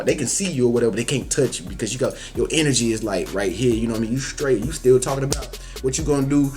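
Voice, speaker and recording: A man's voice: medium pitch, darkish tone, husky. A man talking casually to camera with life advice, loose and slangy, often saying "you know what I'm saying" and acting out little scenes in other voices. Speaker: vlogger giving advice. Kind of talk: casual motivational talk.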